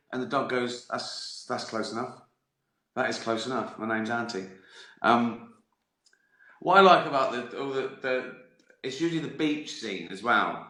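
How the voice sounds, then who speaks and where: A man's voice: mid-range voice, sharp tone, reverberant. A man chatting on a livestream, rambling from joke to joke, swearing freely and laughing at his own lines. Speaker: comedian answering viewers on a livestream. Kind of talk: casual livestream chat.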